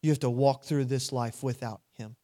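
A male preacher delivering a sermon, asking his listeners direct questions and swinging between hushed and loud, emphatic delivery. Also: mid-range voice, fairly even intonation, moderate pace. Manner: asks the audience direct questions.

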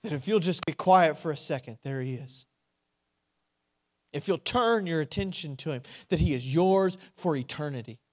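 A male preacher delivering a sermon, asking his listeners direct questions and swinging between hushed and loud, emphatic delivery. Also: fairly high pitch, expressive, moderate pace. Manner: asks the audience direct questions.

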